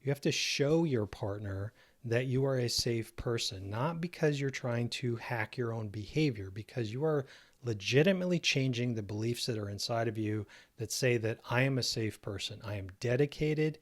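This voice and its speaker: A man coaching listeners on relationships, speaking calmly and laying out his points step by step. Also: medium pitch. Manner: calm, measured, explains step by step. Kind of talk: instructional self-help talk.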